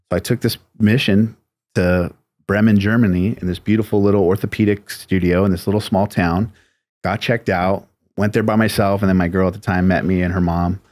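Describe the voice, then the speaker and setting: Low-voiced man telling a laid-back story. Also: a little mellow, no room sound. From United States. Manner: laid-back, rambling, lots of "like" and "you know". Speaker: tattoo artist guest. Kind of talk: casual storytelling interview.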